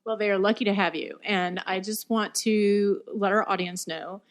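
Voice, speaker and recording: A woman hosting a podcast interview, speaking in a measured, deliberate way as she sets up questions. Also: mid-range voice, fairly even intonation. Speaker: podcast host. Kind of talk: hosted interview.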